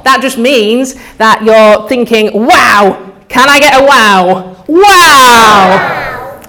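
A woman leading an interactive children's talk at church, coaxing the audience to join in, speaking into a microphone to a live crowd. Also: a little high. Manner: lively, coaxing, audience participation.

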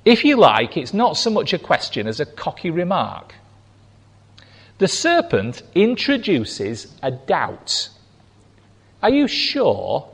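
A man delivers a sermon at an unhurried, deliberate pace. His voice sits fairly high for a man and swings widely in pitch as he acts out quoted lines. A long hall reverb trails each phrase. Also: husky. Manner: slow and emphatic, voicing quotes with animated pitch swings. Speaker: preacher.

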